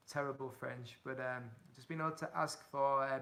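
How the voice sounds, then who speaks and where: A man's voice: medium pitch, fairly even intonation, moderate pace, vocal fry, few pauses, fairly bright tone. A young man with a Hull accent from Yorkshire, chatting casually on a livestream, reading out viewer questions and giving upbeat, encouraging advice. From England. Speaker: touring cyclist answering live chat.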